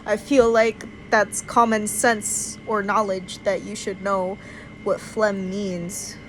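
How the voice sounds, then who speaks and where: A woman's voice: mid-range voice, little pitch movement, slow, background noise. A young woman ranting casually into her phone in an exasperated, incredulous way, full of "like". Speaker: vlogger.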